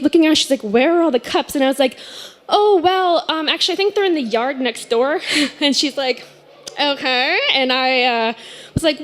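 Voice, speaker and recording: A woman's voice: high-pitched, moderate pace. A woman telling a personal story on stage at a story slam, chatty and often laughing as she acts out the people in it.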